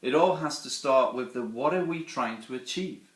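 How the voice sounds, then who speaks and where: A man's voice: medium pitch, normal speed. Earnest man presenting in a roomy space. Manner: earnest, storytelling, rhetorical questions. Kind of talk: live online presentation. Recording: roomy echo.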